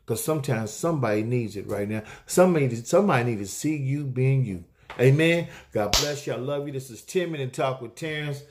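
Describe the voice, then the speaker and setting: A man's voice: medium pitch, animated, a little fast, darkish tone, slight background noise. A middle-aged man hosting a weekly inspirational talk, preaching to viewers in an exhorting, repetitive way and calling out amens.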